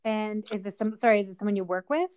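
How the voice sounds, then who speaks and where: A woman's voice: mid-range voice, quick pace, darkish tone, smooth, dry recording. A woman co-hosting a podcast in casual chat, talking with lots of likes and fillers. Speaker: podcast co-host.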